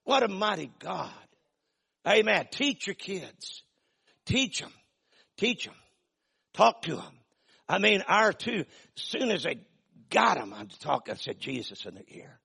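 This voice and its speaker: An older man preaching a sermon in a folksy, emphatic way, with sudden loud bursts and drawn-out phrases. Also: high voice, very animated. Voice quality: gravelly, husky. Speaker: pastor.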